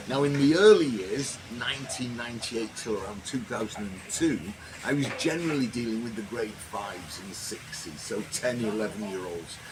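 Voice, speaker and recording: A man and former teacher reminiscing about his teaching years in a relaxed, anecdotal way. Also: medium pitch. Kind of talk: reminiscing monologue. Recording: noisy background.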